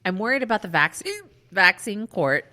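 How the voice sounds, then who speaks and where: Casting: drunk woman co-host with hiccups, lively swooping voice, bright, swears freely. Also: medium pitch, normal speed. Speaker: podcast co-host. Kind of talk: casual chat.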